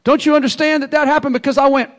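A man's voice: very high voice, steady tone, racing, voice pushed up. A man voicing a boastful, self-important preacher who brags about his own power. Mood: smug, boastful. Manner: preening, showing off.

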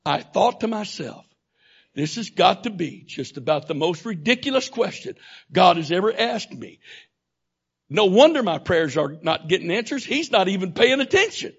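Male preacher, raised pitch, gravelly rasp, dynamic delivery from hushed to shouted. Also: big pitch swings, moderate pace, lo-fi sound. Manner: swings from quiet storytelling to shouting intensity. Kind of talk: sermon.

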